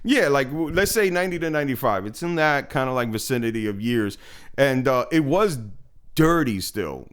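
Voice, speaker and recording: This New York man co-hosts a podcast, chatting loosely about a movie with plenty of fillers and offhand swearing. His mid-range voice is animated, a bit bright, clear and resonant, and he talks at a normal speed.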